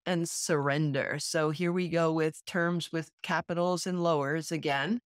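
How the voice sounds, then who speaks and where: Reflective woman co-host, lowish voice. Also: fairly even intonation, unhurried, clear, resonant tone, no room sound, clean studio sound. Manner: reflective and earnest, with soft laughs. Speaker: podcast co-host. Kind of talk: casual chat.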